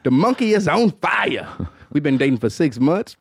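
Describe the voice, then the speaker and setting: A man hosting a podcast, chatting casually with crude, animated storytelling. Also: a little high, normal speed, creaky, slightly rough, no echo, clean studio sound. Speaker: podcast host. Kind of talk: casual comedic chat.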